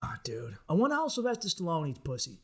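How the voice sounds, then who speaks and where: A man's voice: a little high, huge pitch swings, fast talker, breathy edge. A man hosting a comedy podcast, rambling through a crude, profane monologue. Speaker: podcast host.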